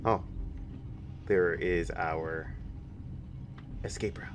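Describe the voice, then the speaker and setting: Deep-voiced man playing a horror game. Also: moderate pace, long pauses, slight background noise. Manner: jokey, taunts the game, bursts into high yells. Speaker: gaming streamer. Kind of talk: horror game let's play commentary.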